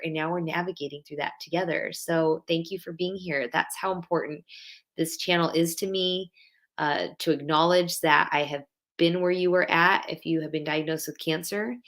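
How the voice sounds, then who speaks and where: A woman's voice: sits low, fairly bright tone. A woman in her thirties hosting a live stream, talking in a chatty, heartfelt way and greeting viewers by name. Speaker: livestream host. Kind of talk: casual live-stream chat.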